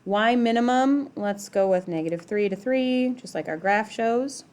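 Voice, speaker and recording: A woman's voice: mid-range voice, normal speed, a little mellow. A middle-aged woman teaching a math class in a classroom, talking casually, using "like" a lot and asking the students questions. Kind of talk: classroom lecture.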